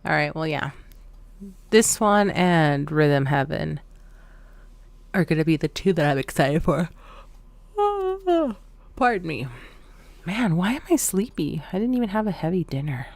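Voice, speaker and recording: A woman's voice: low voice, lively intonation, moderate pace, creaky, pauses often, dry recording. A woman streamer chatting casually with her viewers, joking and rambling between thoughts. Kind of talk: casual live-stream chat.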